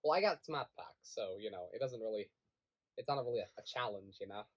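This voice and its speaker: A man's voice: lowish voice, expressive, fairly quick. Young male co-host, jokey and playful, casual banter with friends. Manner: goofy, jokey, laughs often. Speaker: podcast co-host. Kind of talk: casual chat among friends.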